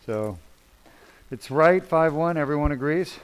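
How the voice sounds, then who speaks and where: A man's voice: on the high side, lively intonation, unhurried, clear, resonant tone. A man working as a spine surgeon who narrates a live-streamed operation, talking casually to viewers and his team while he works. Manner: chatty, self-deprecating, talks to viewers while working. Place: operating room.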